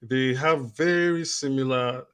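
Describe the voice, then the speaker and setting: A man co-hosting a casual political discussion, making measured, drawn-out points. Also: mid-range voice, fairly bright tone, clean tone. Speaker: podcast co-host.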